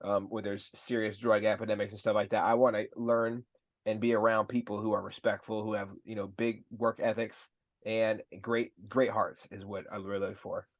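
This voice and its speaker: A man's voice: lowish voice, level tone, normal speed, dry recording. A man hosting a podcast interview, chatting casually, upbeat and encouraging toward his guest, with some casual swearing. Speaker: podcast host.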